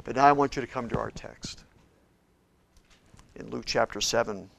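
A man preaching a sermon as a pastor in a church, shifting between loud, emphatic declarations and quiet, hushed passages. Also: medium pitch, moderate pace, creaky. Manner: preaches with big swings from shouting to hushed tones.

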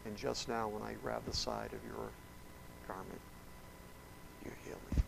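A man preaching, speaking the part of a desperate sick woman in a hushed, earnest voice. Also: fairly low pitch, steady tone, moderate pace, creaky, background noise.

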